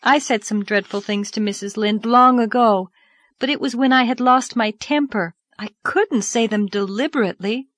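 A woman voicing an earnest, dreamy young girl in an audiobook, lively and reproachful. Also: on the high side, moderate pace, dry recording, pitched above the performer's own voice, lightly acted. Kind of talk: audiobook character voice.

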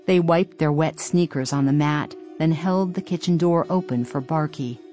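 A woman narrating a children's story in a steady, expressive storytelling manner. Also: sits low, normal speed, soft background music. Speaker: audiobook narrator. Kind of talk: scripted narration.

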